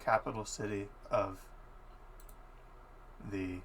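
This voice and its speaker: A man hosting and narrating a tabletop game as game master, playful and relaxed. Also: on the low side, slow, slight background noise.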